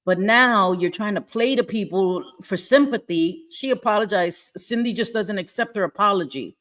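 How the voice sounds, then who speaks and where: A woman's voice: medium pitch, moderate pace, a bit bright. Blunt, foul-mouthed woman live-streaming. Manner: blunt, profane and laughing often. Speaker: livestream host. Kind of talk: casual live-stream chat.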